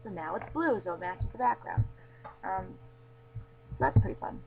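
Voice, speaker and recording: A woman walking through a web tool in a casual screencast tutorial, filling pauses with frequent ums. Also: mid-range voice, expressive, faint music behind. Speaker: tutorial presenter. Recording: tinny lo-fi mic with faint hum.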